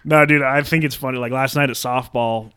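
A man's voice: mid-range voice, fairly even intonation, a little fast, sharp tone, smooth. A man in a middle register rambles through anecdotes on a casual podcast, swearing freely and slipping into acted-out quotes. The sound is dry and close to the mic with no room echo. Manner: profane, rambling, acts out voices in anecdotes. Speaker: podcast co-host.

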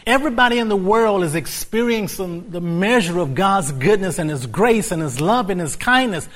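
A man preaching a sermon, moving from calm teaching to shouted exclamations, with emphatic repetition as he reads scripture aloud. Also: sits high, normal speed.

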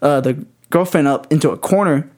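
Fast-talking profane man telling stories. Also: a little high. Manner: profane, animated storyteller. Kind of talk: casual storytelling chat.

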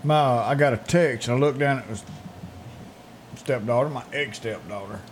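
Man, morning show sidekick, mid-pitch, easygoing, faint room noise. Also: normal speed. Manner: laid-back, short agreeing replies, quiet when earnest. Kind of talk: casual morning show chat.

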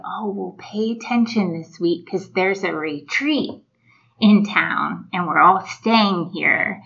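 A woman telling a reflective story in a casual faith conversation, often with soft laughs. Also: fairly low pitch, creaky. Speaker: podcast co-host. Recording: muffled lo-fi audio.

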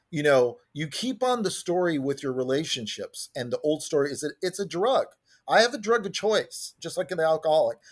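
A man giving a candid personal testimony at a recovery support meeting, talking conversationally and acting out the people he quotes. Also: on the high side. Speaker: recovery group speaker sharing.

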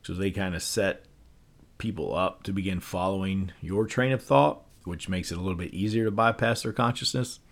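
Low-voiced man in a relaxed podcast monologue. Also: moderate pace. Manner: relaxed, loose delivery full of fillers and restarts. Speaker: podcast host. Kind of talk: casual explanatory podcast monologue.

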